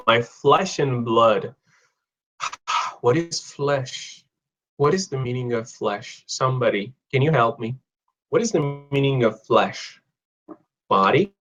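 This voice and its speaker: A young man hosts a live online English lesson, chatting loosely and joking as he reads out viewers' answers. He talks at an unhurried pace. His voice comes through slightly dull and lo-fi. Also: mid-range voice, a bit bright. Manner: chatty, reads viewer comments aloud, jokes.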